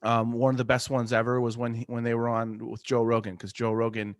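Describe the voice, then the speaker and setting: A man's voice: medium pitch, flat delivery, a little fast, dry recording, clean studio sound. A man chatting casually as an interview guest, rambling with many fillers and restarts and laughing often. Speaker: artist and podcast host, interview guest.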